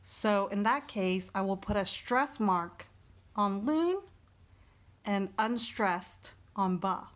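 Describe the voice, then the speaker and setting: Female teacher, unhurried and deliberate, mid-pitched, talks through a lesson step by step. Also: expressive. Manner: slow and deliberate, sounding out syllables. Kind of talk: recorded lesson walkthrough.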